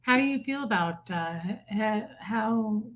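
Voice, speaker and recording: Bright-voiced teasing woman co-host. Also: fairly high pitch, expressive, unhurried. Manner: teasing, playful, reads out chat comments. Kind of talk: casual livestream chat.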